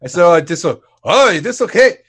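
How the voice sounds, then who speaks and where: A man's voice: high voice, big pitch swings, normal speed, a bit bright, slightly rough. A man co-hosting a podcast, telling a story casually, acting out quotes and swearing freely. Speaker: podcast co-host.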